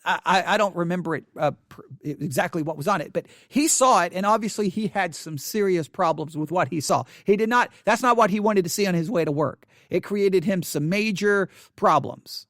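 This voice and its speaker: A man's voice: high-pitched, moderate pace, few pauses, a bit bright, dry recording, clean studio sound. A man hosting a casual spoken commentary, emphatic, often restarting his words.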